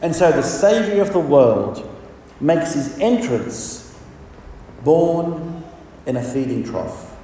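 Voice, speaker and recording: A man's voice: fairly high pitch, big pitch swings, takes it slowly, long pauses, warm tone, slight background noise. A man preaching a sermon with emphatic delivery and rhetorical questions. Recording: echoey hall from far off.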